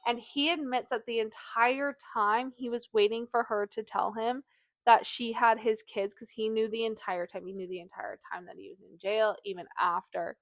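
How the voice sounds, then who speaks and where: A woman with a fairly high voice co-hosts a book podcast, speaking at normal speed on a dry recording. She retells a plot chattily, saying "like" constantly among other fillers, and becomes animated when voicing quotes.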